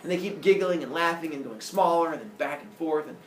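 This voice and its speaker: A male teacher telling myths to his class in a jokey, animated way, acting out the characters. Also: on the high side, brisk, slight background noise. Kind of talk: storytelling lesson. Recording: roomy classroom audio from far off.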